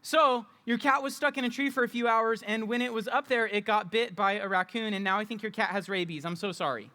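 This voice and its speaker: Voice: mid-range voice, fairly quick, pushed and bright. Upbeat youth pastor leading a skit. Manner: upbeat, playful, coaching volunteers. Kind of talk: interactive youth group talk.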